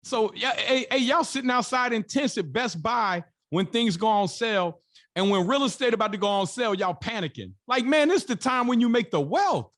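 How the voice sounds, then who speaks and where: A man's voice: very high voice, lively intonation, moderate pace, fairly bright tone. An American man, a podcast guest and investor, telling stories in a colloquial, emphatic way that repeats phrases for emphasis. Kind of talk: storytelling in an interview.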